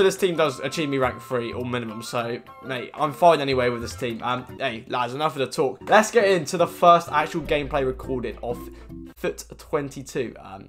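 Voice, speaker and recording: A young man commenting on his own football video game match, muttering complaints and then shouting at big moments. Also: medium pitch. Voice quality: expressive, with slang and swearing. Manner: swings from mumbled grumbling to screaming at the game. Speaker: gaming commentator.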